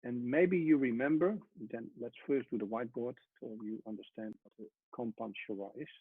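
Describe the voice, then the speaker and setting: A man teaching a Hebrew lesson at a whiteboard, explaining step by step and often trailing off softly. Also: medium pitch, a little fast, breathy edge, dry recording. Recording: tinny phone-like sound.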